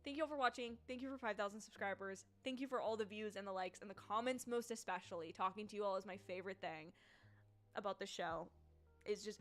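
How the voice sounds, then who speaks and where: A chatty young woman rambling through the end of her livestream, gushing and getting emotional as she thanks her viewers. Her voice sits in a middle register, and faint music plays softly behind her. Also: mid-range voice. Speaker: YouTube reviewer hosting a live reaction stream. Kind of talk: casual livestream chat.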